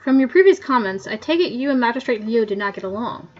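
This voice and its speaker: A woman's voice: a little high, animated, fast talker, darkish tone, dull audio. A woman reading as a polite young magistrate. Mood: earnest.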